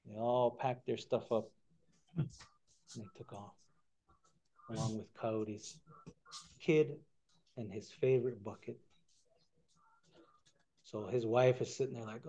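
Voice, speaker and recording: A man retelling a traditional story during a lecture, relaxed and conversational, acting out the characters. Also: mid-range voice, slow pace, pauses often, lo-fi sound. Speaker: guest speaker.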